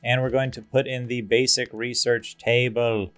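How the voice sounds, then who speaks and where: A man giving casual, goofy let's-play commentary over a strategy game, excitable and full of fillers. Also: mid-range voice, moderate pace. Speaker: gaming YouTuber.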